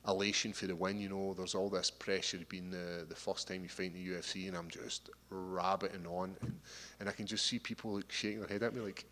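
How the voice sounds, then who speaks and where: A man's voice: sits low, little pitch movement, a little fast, few pauses, fairly bright tone, a little hiss or hum. A Scottish man in his thirties, a fighter answering media questions with easygoing, rambling talk full of restarts. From Scotland. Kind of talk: casual interview answers. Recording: long hall reverb.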